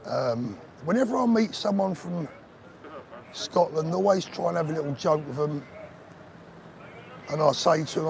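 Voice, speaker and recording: This British livestream host, a middle-aged man, speaks at a normal speed in a slightly high, creaky voice with a darkish tone and lively intonation, with a little hiss or hum audible. He walks resort streets holding a phone on a selfie pole, chatting, joking, and reading out comments from viewers.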